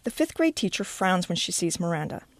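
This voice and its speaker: An animated woman reading a story. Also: on the low side, a little fast, no room sound, studio quality. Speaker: reader. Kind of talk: reading a short story aloud.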